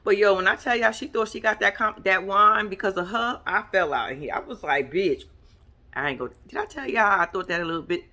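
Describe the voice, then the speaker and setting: Brief: lively woman vlogger, casual profane recap with lots of laughs, sharp bright tone. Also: medium pitch, quick pace, hardly any pauses. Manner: animated, profane, laughing commentary. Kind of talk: casual chat.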